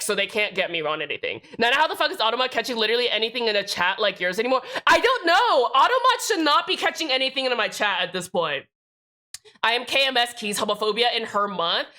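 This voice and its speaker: A woman's voice: medium pitch, lively intonation, fast talker, bright, forceful tone. A young woman streamer chatting casually with her viewers, sassy and profane, joking through everything. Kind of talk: casual live-stream chat.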